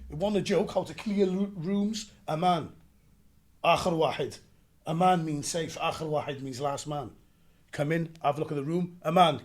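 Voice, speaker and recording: Excitable Welsh man, high-pitched storyteller. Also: slightly rough. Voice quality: excitable, acts out gunfire with sound effects. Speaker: actor guest. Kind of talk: animated storytelling in casual interview.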